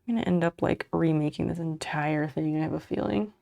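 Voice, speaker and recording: A woman's voice: low voice, fairly quick, gravelly, dark tone. A woman streamer chatting casually with her viewers while she crochets, muttering and swearing under her breath as she works. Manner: chats back to viewers' messages.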